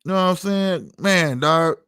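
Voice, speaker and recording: A man's voice: sits high, normal speed, sharp tone, clean tone, no room sound, clean studio sound. Heated, profane man ranting on his podcast. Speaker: podcast host. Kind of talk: heated solo livestream rant.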